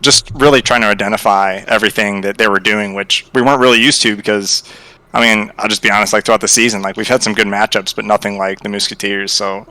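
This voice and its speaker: A male player giving relaxed, reflective answers in a post-match interview. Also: on the low side, fast talker. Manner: relaxed, reflective, hedging with fillers.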